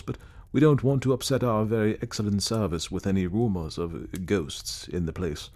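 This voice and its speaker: A man voicing an earnest, reflective gentleman who sincerely recounts meeting a ghost, in an audiobook reading. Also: lowish voice, natural voice. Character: earnest gentleman telling his ghost encounter. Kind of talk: audiobook character voice.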